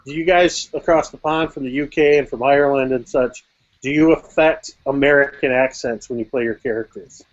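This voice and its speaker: A man who runs tabletop games chats casually, pausing and repeating words as he goes. His pitch sits in the middle. The call audio sounds dull and lo-fi. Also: steady tone, dry recording. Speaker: game master and host. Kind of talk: casual chat.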